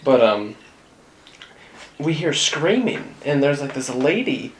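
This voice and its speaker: A man's voice: medium pitch, very animated, slow pace, slight background noise. A man hosting a casual chat with friends, telling a long story with many fillers and restarts. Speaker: podcast host. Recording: roomy echo.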